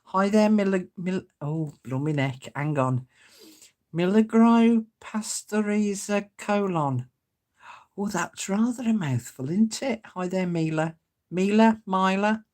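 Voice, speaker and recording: A woman with a fairly low, darkish voice hosts a crafting stream in casual fashion. She's homely and talkative, calling viewers by name, reading their comments aloud and chuckling at them.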